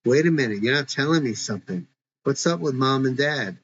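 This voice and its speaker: A man's voice: medium pitch, lively intonation, fairly quick, a bit bright, a little hiss or hum, voice pushed up, lightly acted. A man voicing an earnest, worried young woman eager to help, who speaks insistently, in a dull lo-fi recording.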